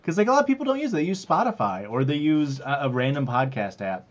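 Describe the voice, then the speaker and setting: A man's voice: a little high, big pitch swings, quick pace. A man hosting a podcast in casual chat, rambling and jokey as he plugs the show. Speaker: podcast host. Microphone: wrong mic picked by the recording software. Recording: dull lo-fi mic.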